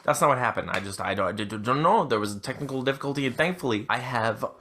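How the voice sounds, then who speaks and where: A man's voice: mid-range voice, expressive, fast talker, a bit bright, a little hiss or hum. Rambling, self-mocking male podcast host. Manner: rambling, self-deprecating, lots of fillers and restarts. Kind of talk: casual podcast chat.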